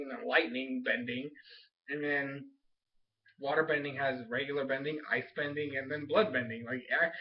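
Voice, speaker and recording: An excitable young man recaps an episode in a loose, rambling way, tossing in slang as he goes. His voice sits a little high. The recording is dull and lo-fi. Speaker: show reviewer.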